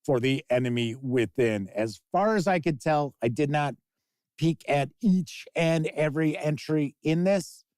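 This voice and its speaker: A man hosts a live tabletop gaming news show, reading out releases and tossing in his own chatty asides to the chat. His voice sits a little high for a man. The sound is dry and close, with no room around it. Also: a little slow, a little mellow, smooth, no room sound. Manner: chatty, reads news then riffs on it, answers chat comments. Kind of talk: casual live-stream news commentary.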